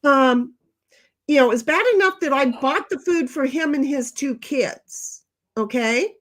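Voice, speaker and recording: An older woman with a high voice hosts a casual livestream chat. She rambles from one comment to the next. She talks bluntly and swears now and then. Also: unhurried, a bit bright. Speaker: livestream host reading chat.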